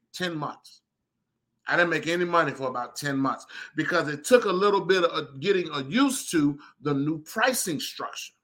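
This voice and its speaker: A man tells his story in a loose, chatty monologue and keeps turning to his listeners as he goes. His voice sits high and sounds very bright. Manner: animated, chatty, talks to listeners directly. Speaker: podcast host and leather craftsman.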